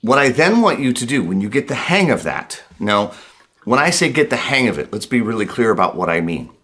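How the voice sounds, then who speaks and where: A man teaching a blues guitar lesson, speaking in a relaxed, reassuring way, repeating points for emphasis and counting beats out loud while he plays. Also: medium pitch, a little fast. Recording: guitar playing behind the voice.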